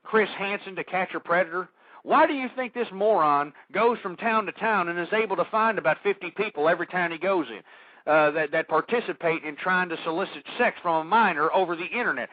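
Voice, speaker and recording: A man hosts an internet talk radio show in an angry, preachy rant. His high voice keeps stumbling into repeated words as he works himself up. The sound is dry and dull, with a lo-fi, muffled tone. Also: brisk, dry recording. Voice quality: stammering, repeats words when worked up. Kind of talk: ranting talk radio monologue.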